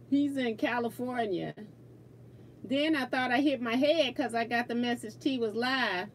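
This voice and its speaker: A woman's voice: on the high side, unhurried, long pauses, a little hiss or hum. A woman hosting a casual quilting livestream from her sewing room, laughing often and reading viewer comments aloud as she works.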